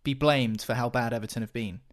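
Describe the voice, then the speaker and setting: In casual football chat, a podcast pundit speaks in a mid-range voice with fairly even intonation and a brisk pace. He's a chatty man whose speech has lots of fillers and restarts.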